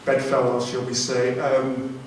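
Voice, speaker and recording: A man's voice: mid-range voice, completely flat delivery, a little slow, slight background noise. Rambling man in an echoey club. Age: 40s. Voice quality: rambling, self-deprecating delivery. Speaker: stand-up comedian. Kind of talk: stand-up comedy routine. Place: comedy club stage. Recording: very echoey room, from far off.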